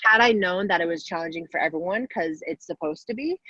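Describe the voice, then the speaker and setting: A husky, fairly low voice comes from a guest athlete in her forties answering young players' questions quickly on a video call. Casual, warm, upbeat and encouraging, she speaks directly to the kids. The audio is dull, lo-fi call sound with no echo.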